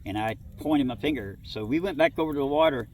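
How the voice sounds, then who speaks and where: Speaking fast at a medium pitch, an interviewee from southwest Ohio, USA, tells a story from his childhood. This middle-aged man rambles in a folksy style, acting out snippets of dialogue. Faint background noise comes through a distant microphone.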